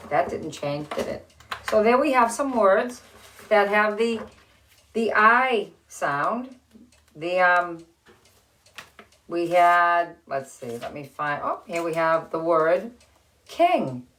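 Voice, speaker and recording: A middle-aged woman hosting a children's reading show, speaking gently and encouragingly to young kids as she reads a story and leads simple exercises. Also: fairly low pitch, big pitch swings, slow, long pauses, echoey room. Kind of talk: reading aloud and leading kids' activities. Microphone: live-stream camera.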